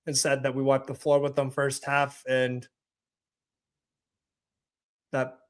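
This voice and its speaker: A man's voice: medium pitch, monotone, takes it slowly. A man hosting a live watch-along stream, giving casual commentary in a profane, ranting, mocking way.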